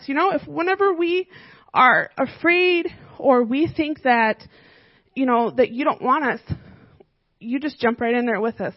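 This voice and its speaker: A woman teaching a children's church lesson, lively and often asking the kids questions. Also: high-pitched, no room sound, lo-fi sound.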